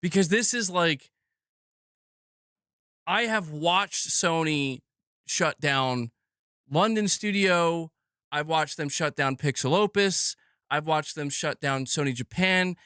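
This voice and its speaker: A man's voice: fairly high pitch, takes it slowly, pauses often, pushed and bright, clean tone, no room sound, clean studio sound. A man hosting a gaming news channel, delivering an angry, heated rant full of swearing and repeated phrases.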